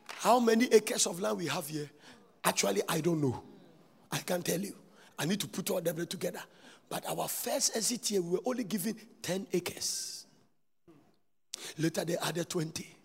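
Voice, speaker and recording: Emphatic Ghanaian preacher, gravelly and raised. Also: male voice, high-pitched. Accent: Ghanaian English. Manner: emphatic, swinging from shouts to hushed asides. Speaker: prophet preaching to a congregation. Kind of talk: sermon. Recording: long hall reverb.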